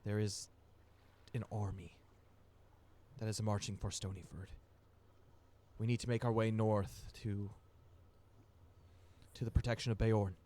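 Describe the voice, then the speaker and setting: A man doing an earnest young man in a tabletop game, his voice pitched on the low side. He sounds heartfelt and a little apologetic as he pleads with the people he loves. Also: flat delivery, a little slow, pauses often, dark tone, lightly acted. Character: earnest young man returning home to family.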